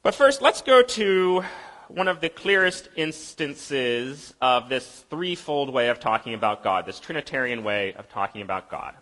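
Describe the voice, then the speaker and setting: Lively, bright-voiced man preaching a sermon. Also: a little high. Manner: explanatory, conversational preaching with rhetorical questions; reads scripture aloud slowly and solemnly. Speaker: pastor.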